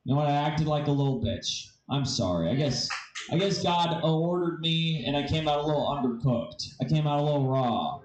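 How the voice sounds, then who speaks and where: Brief: male stand-up comic, crude rambling storyteller, voice sits a bit high, roomy sound. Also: animated, moderate pace, slight background noise. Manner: profane, rambling, self-mocking. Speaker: stand-up comedian. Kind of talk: stand-up comedy.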